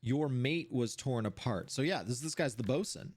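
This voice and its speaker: An animated streamer, thinking aloud while playing a game, voice jumping up high when surprised. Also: moderate pace. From Seattle area, USA. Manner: animated, puzzling things out, sudden jumps to high pitch.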